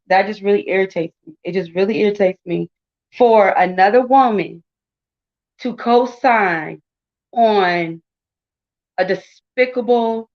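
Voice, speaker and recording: Woman in her forties, commentary host; blunt, indignant, mid-pitched, slightly dull home recording. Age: 40s. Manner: blunt, indignant, talks straight to viewers with many asides. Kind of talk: casual commentary.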